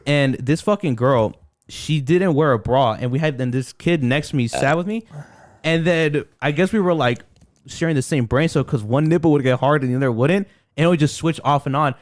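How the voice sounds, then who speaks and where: A man's voice: a little high, moderate pace, dry recording, studio quality. Crude, storytelling young man. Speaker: podcast co-host. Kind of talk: casual chat.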